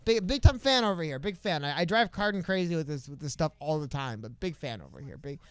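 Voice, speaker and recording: A man co-hosting a casual political live stream, talking in an easygoing, animated way. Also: on the high side, quick pace, clean tone, dry recording. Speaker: co-host.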